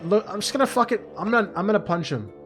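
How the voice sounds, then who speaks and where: Casual streamer with faint music behind. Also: male voice, high-pitched, expressive, fast talker, fairly bright tone. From Canada. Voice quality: casual, swearing, self-mocking. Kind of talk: gameplay commentary.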